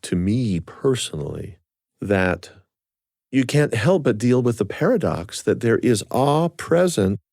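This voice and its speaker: A man hosting a radio interview, speaking in a thoughtful, gentle and measured way. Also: mid-range voice, big pitch swings, vocal fry, no echo, studio quality. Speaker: host.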